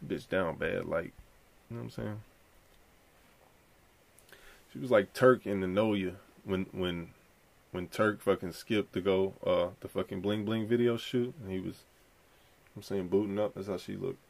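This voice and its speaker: A young man with a gravelly, creaky voice hosts a podcast and riffs on video clips. His talk is loose, profane and rambling, full of laid-back storytelling. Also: low voice, steady tone, moderate pace. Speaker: podcast host. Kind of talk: casual commentary reacting to clips.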